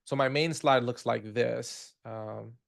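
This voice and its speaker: Gravelly man explaining casually. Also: medium pitch, steady tone, slow pace. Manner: conversational, walking through steps. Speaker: host of a product Q&A webinar.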